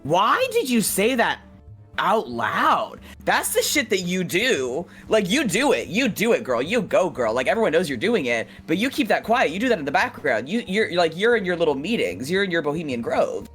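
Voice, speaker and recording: A woman's voice: fairly low pitch, sing-song, brisk, hardly any pauses, soft background music. A woman co-hosting a podcast in casual chat, exasperated, swearing and laughing often. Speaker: podcast co-host.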